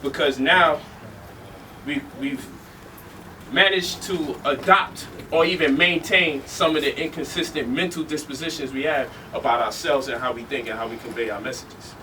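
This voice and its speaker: A man telling stories to a live audience in an animated, joking way, laughing often. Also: medium pitch, moderate pace. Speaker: speaker. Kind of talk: storytelling lecture. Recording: distant mic with faint noise.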